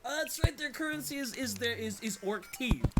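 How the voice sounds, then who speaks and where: A jokey man co-hosting a casual podcast, his pitch swinging up and down as he talks. He laughs often. Loud music plays behind him. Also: brisk. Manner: lively, jokey, laughs a lot. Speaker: podcast co-host.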